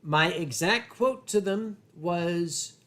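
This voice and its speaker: Middle-aged male host, high voice, swears freely, spins anecdotes with put-on voices. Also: slow, fairly bright tone. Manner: profane, anecdotal, slips into funny voices. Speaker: convention chairman and show host. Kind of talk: casual drinking chat on a livestream.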